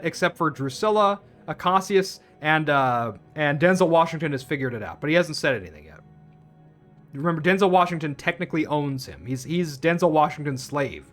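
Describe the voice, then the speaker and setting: A man's voice: a little high, animated, normal speed, a bit bright, soft background music. Man ranting through a film recap. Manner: rambling, profane, with many restarts. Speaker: film reviewer.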